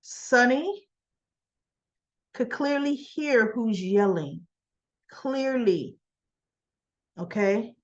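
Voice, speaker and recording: A woman's voice: a little high, animated, drawn-out words, pauses often, highs cut off. A woman casually recapping a soap opera episode, opinionated and chatty, with frequent asides.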